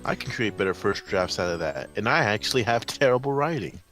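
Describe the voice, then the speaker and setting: A man's voice: fairly low pitch, animated, brisk, a bit bright, faint music behind. A young man reading a creepypasta aloud with friends and reacting to it with disbelief and exasperation. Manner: incredulous, laughing, exasperated. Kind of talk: mocking reading with commentary.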